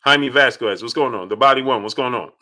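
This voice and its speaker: Bright, emphatic male live-stream host. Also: medium pitch, moderate pace. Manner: greets chat viewers by name between points; emphatic, repeats key points. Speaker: boxing channel host. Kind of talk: live-stream boxing talk.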